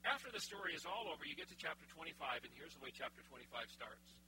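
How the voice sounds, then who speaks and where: A male preacher retelling a Bible story in a sermon, casual and animated, with frank asides. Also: fairly high pitch, fast. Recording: humming background noise.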